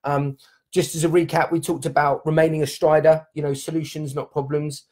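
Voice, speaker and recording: A man's voice: on the high side, little pitch movement, fairly quick, darkish tone. A man hosting a live stream from home, giving viewers an upbeat, encouraging motivational talk and speaking straight to them. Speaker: live-stream host, dance company leader. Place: at home during lockdown.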